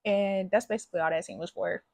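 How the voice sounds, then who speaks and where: A woman's voice: medium pitch, fairly even intonation, quick pace, darkish tone, no room sound. A woman recapping a film in a casual, slangy, chatty way, hosting her own channel. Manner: slangy, chatty, acts out characters' lines. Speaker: movie reviewer.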